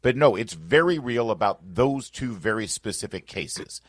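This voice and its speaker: A man's voice: lowish voice, lively intonation, normal speed, husky, no echo, clean studio sound. A man hosting a political talk radio show, arguing emphatically with rhetorical questions. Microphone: studio microphone.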